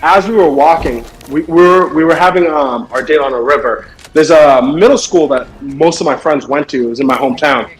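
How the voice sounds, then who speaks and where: A man's voice: on the high side, fairly quick. A young man streaming, telling a funny story in casual chat and laughing often. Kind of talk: casual storytelling while gaming.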